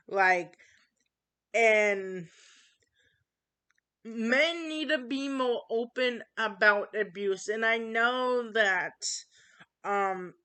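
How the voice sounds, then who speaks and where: A woman speaking slowly and earnestly in a casual monologue, often pausing on fillers and restarting her sentences. Her voice is bright and smooth. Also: medium pitch. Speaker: channel host.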